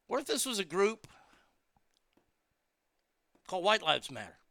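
A man's voice: sits high, sing-song, measured pace, gravelly, fairly bright tone, no echo. A man hosting a commentary show, ranting heatedly with sarcasm and profanity and repeating words when worked up.

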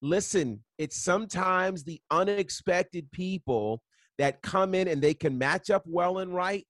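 A man's voice: high-pitched, measured pace, fairly bright tone, no echo. A man co-hosting a podcast, talking emphatically about sports underdogs with "listen" and "you know". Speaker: podcast co-host. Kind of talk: casual podcast chat.

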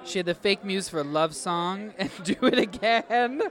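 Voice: medium pitch, expressive, unhurried, a bit bright. Giddy fan reading a set list. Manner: giddy, reads a list, laughing. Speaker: guest recapping the set list. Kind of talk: casual chat.

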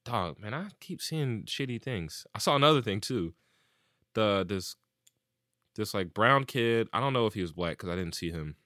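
A man's voice: fairly low pitch, lively intonation, moderate pace, bright, forceful tone, no echo, clean studio sound. A man in casual chat, animatedly retelling stories and acting out what people said, with plenty of swearing.

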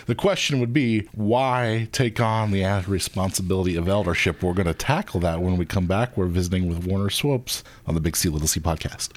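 A man's voice: low voice, fairly quick, few pauses, slight background noise. A middle-aged man hosting a church podcast interview, talking in a loose, rambling way. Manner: conversational, rambling with restarts. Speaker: podcast host. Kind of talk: casual interview.

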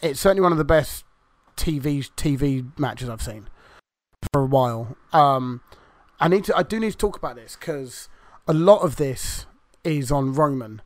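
A man's voice: mid-range voice, lively intonation, normal speed, no room sound. A man co-hosting a podcast, chatting casually through a wrestling review, rambling and swearing freely as he acts out the wrestlers' lines. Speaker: podcast co-host.

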